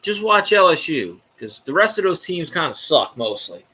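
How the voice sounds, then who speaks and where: A man's voice: fairly high pitch, big pitch swings, normal speed, sharp tone, husky. A man chatting casually on a livestream, ranting about football in a rowdy, profane, jokey way. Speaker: sports fan streamer. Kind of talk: casual rambling livestream chat.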